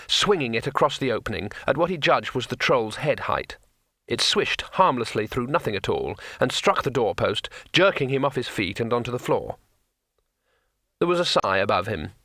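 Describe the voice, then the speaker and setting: A man narrating an audiobook in a steady storytelling manner. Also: mid-range voice, dry recording, studio quality. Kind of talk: scripted narration.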